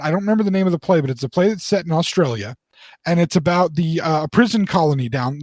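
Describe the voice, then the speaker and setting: Man, 40s, podcast co-host; higher-pitched voice, dry and close, chatty storyteller who restarts his sentences. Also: dry recording. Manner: rambling, animated storyteller with restarts. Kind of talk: casual storytelling chat.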